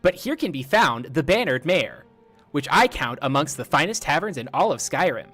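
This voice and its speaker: A man's voice: a little high, a bit bright. A man reading a game book aloud as a lecherous, flowery male bard while mimicking a text-to-speech lady voice. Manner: grandiose, theatrical reading.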